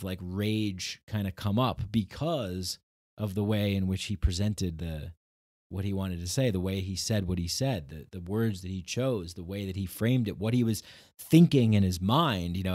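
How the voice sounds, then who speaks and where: A man with a lowish voice talks through a personal story on his solo podcast, rambling and restarting, slipping into quoted lines as he goes. The sound is dry and close to the mic. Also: a little mellow, no echo. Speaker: podcast host. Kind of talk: casual storytelling monologue.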